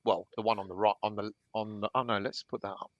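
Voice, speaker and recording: A man's voice: lowish voice, flat delivery, no echo, highs cut off. A man hosting a live online football chat, putting questions to his panel over a video call. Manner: leads the panel with questions, quick asides. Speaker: host.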